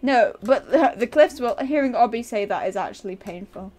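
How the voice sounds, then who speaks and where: A woman's voice: a little high, expressive, normal speed, a little mellow. Teasing young woman co-streamer. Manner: teasing, mock-serious scolding. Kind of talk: casual gaming chat.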